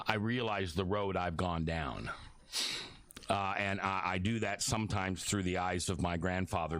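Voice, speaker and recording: A man's voice: low-pitched, fairly bright tone, no room sound. A middle-aged man hosting a casual talk radio show from a studio, rambling and apologetic as he reminisces. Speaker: radio and webcast host.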